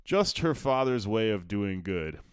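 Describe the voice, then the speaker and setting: A man reading the part of a gruff, sly old gentleman who speaks abruptly, with little change to his own voice. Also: on the low side, very animated, a little slow, dry recording, studio quality. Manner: abrupt, brusque.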